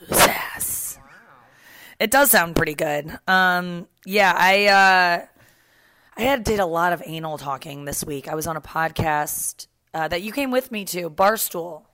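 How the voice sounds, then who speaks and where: A woman's voice: lowish voice, unhurried, sharp tone, dry recording. A young woman hosting a podcast from her apartment couch, chatting casually, laughing and swearing freely. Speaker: podcast host.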